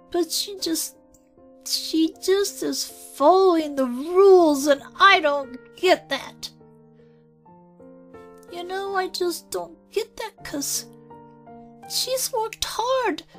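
A woman's voice: extremely high pitch, fairly bright tone, exaggerated voice. A woman speaking as her inner child, an earnest, anxious five-year-old girl who rambles and apologizes. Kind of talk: spoken channeling session.

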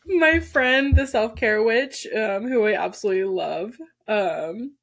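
Woman podcast co-host, giggly and chatty, slow talker. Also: on the high side, fairly bright tone. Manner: giggly, chatty, self-interrupting. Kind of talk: casual podcast chat.

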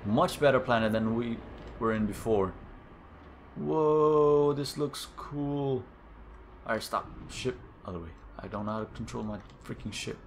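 Young guy playing a game and talking thru it, lowish voice, gets excited a lot, bit of hum behind. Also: fairly quick. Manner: excitable, gasps and exclaims often. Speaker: gaming channel host. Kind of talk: casual let's-play commentary.

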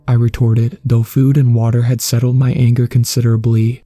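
A man's voice: mid-range voice, little pitch movement, moderate pace, hardly any pauses, dark tone. A man narrating a first-person horror story and voicing the dialogue of both characters himself. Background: faint background music.

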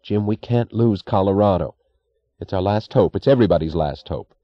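A man's voice: low-pitched, moderate pace, highs cut off. A man reading an audiobook voices an earnest, worried young railroad assistant who speaks urgently and plainly. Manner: urgent, pleading, plain-spoken.

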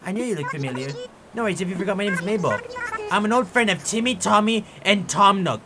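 A man's voice: high voice, lively intonation, fast talker, background noise. A man reading out the lines of a friendly female hedgehog clothing seller. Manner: reading dialogue text aloud.

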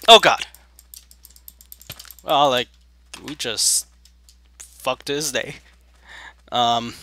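A man giving excitable gaming commentary at a close desk mic, jumping between loud yelps and sneaky whispers. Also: medium pitch, drawn-out words. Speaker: gaming video host.

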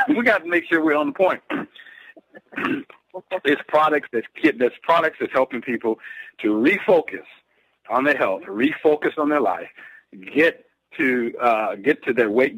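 Emphatic pastor on a phone call. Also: male voice, mid-range voice, a bit bright, slightly rough, no echo. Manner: emphatic, preacher-like exhortation. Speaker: pastor and business partner. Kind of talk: motivational sales talk.

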